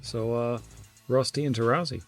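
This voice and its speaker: A man's voice: medium pitch, fairly even intonation, moderate pace, faint music behind. A man running a tabletop game as game master, with wry, casual narration.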